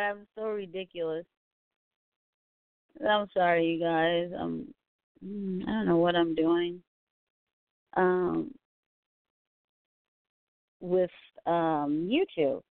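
A woman's voice: fairly low pitch, steady tone, takes it slowly, pauses often, smooth, no room sound. Woman, chatty live-stream host, rambling casual commentary, thin phone-like sound, dry. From California. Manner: chatty, full of "you know" and asides. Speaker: host of a live online talk show.

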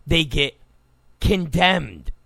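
A man's voice: on the high side, sing-song, drawn-out words, gravelly, pushed and bright, no room sound. A man delivering a combative, sarcastic political monologue, repeating points for emphasis. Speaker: political commentator. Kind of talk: opinionated monologue.

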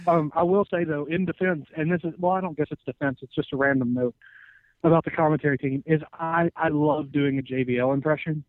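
A man hosting a wrestling podcast in casual chat, animated and full of "you know". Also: on the high side, brisk, no echo. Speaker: podcast host. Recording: tinny phone-like sound.

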